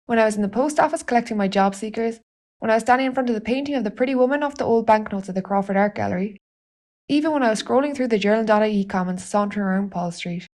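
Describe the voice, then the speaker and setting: A woman with an Irish accent narrates an autofictional audio artwork, delivering an intimate, wry and sweary spoken-word monologue in a confiding tone. Her voice is fairly high and a little mellow, and she talks fast.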